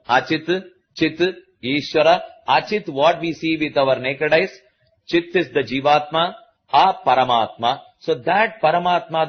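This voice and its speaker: Indian English man, spiritual teacher, husky voice, dull lo-fi sound, patient repetitive explaining. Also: on the high side. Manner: slow, repetitive explaining to a live audience. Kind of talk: religious discourse.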